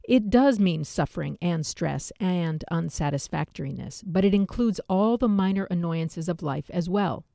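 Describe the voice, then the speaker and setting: A woman reads nonfiction aloud in a low, warm voice with a gravelly edge. Her delivery is measured and explanatory, and she slips in dry, wry asides. The sound is close and dry. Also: expressive, no echo. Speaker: audiobook narrator. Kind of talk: scripted nonfiction reading.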